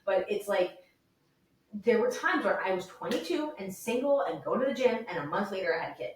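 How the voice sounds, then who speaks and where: A woman's voice: medium pitch, lively intonation, a little fast, recorded from a distance, slight background noise. A woman in her thirties hosting a casual podcast conversation, enthusiastic and full of "like", laughing often. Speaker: podcast host. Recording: echoey room, voice off the mic.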